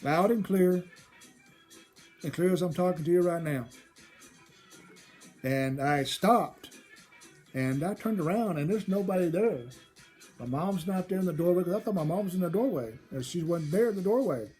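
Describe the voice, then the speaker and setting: A man's voice: high-pitched, lively intonation, moderate pace, pauses often, darkish tone, husky, faint music behind. A man telling a personal story from his childhood, rambling and often repeating and restarting his phrases. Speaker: storyteller host.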